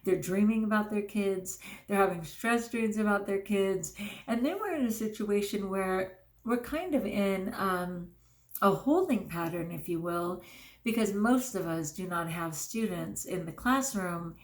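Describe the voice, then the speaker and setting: A woman's voice: mid-range voice, measured pace. Earnest woman teacher vlogging candidly. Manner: earnest, candid, self-deprecating, with frequent fillers. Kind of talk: casual personal vlog monologue.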